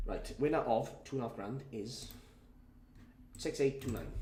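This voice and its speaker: A man runs a live prize draw in a loose, rambling way, tired and swearing as he goes. His voice sits at an ordinary pitch and bounces around an echoey room. A faint hiss of background noise runs underneath. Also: moderate pace, mellow. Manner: swears freely, rambling and chatty. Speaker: competition host running a live prize draw. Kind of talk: casual live-stream chat.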